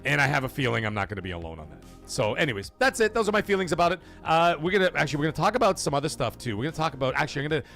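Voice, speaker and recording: A man hosting a gaming livestream, loudly shouting out chat donations and swearing casually. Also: a little high, big pitch swings, very fast, few pauses, faint music behind. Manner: loud, hyped shout-outs reading chat donations. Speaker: livestream host. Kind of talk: energetic live stream chat.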